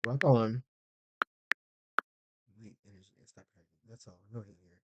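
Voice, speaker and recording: A man giving casual reaction commentary, animated, swinging from loud outbursts to low mutters. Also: normal speed, dull audio. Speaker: reaction video creator.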